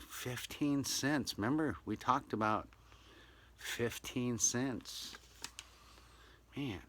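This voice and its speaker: A man's voice: mid-range voice, fairly bright tone, slight background noise. A man hosting his own talk show, rambling and exclaiming often as he talks. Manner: rambling, exclaims often, slips into silly voices. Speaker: show host. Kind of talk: casual solo talk show monologue.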